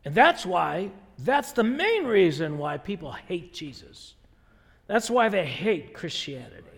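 A man's voice: high voice, big pitch swings, measured pace, breathy edge. A male pastor preaching a sermon in a conversational, emphatic way, full of rhetorical questions. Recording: long hall reverb.

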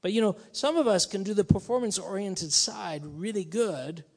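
A man's voice: high-pitched, moderate pace, gravelly. A man preaching a sermon in a conversational, musing way that rises to emphatic bursts. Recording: long hall reverb.

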